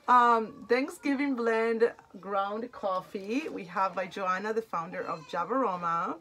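A woman's voice: medium pitch, lively intonation, moderate pace, hardly any pauses, a bit bright. A woman in her thirties, from Argentina, with a mid-range voice. She talks casually and emotionally through an unboxing, reading the product cards aloud between personal remarks. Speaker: unboxing vlogger.

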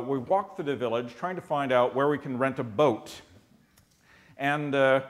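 An American man telling a comic expedition story on stage, animated and wry, with comic pauses. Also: medium pitch. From United States.

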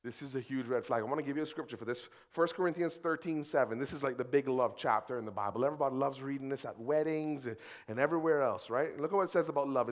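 A young adult man preaching as a pastor, moving between quiet reflection and loud excited bursts. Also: medium pitch. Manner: animated, swings from quiet to shouting. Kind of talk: sermon. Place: church hall.

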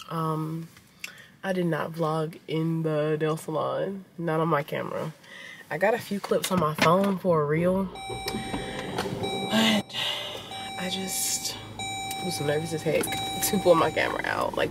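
A woman's voice: on the low side, noisy background. A woman vlogger chatting candidly and rambling straight to her viewers from inside a car. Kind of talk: casual self-filmed vlog chat.

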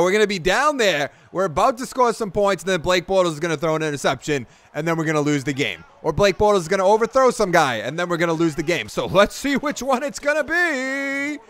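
Excitable high-voiced young man gaming. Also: fairly quick. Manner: excitable, yells at the game, then grumbles. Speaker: gaming YouTuber. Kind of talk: let's play commentary.

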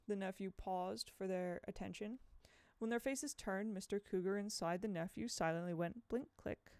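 A woman reading a novel aloud in a measured, expressive way, close to the mic. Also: medium pitch, clear, resonant tone, no echo. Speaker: audiobook reader.

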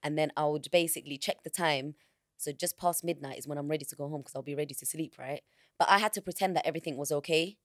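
A woman's voice: low voice, fast talker, no room sound, clean studio sound. A woman, a podcast guest telling a personal story candidly in frank, slangy words. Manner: frank, slangy, vivid retelling.

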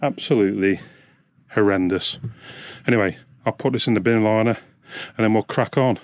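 A man's voice: fairly low pitch, normal speed, no echo. A man, ranting angrily and swearing while vlogging on a hiking trail. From England. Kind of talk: angry outdoor vlog.

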